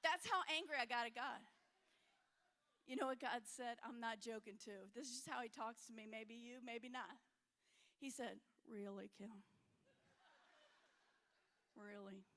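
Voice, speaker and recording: High, bright-voiced woman preaching slowly. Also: steady tone. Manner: frank, emotional preaching, swinging from loud to hushed. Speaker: conference speaker. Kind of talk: sermon. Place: church.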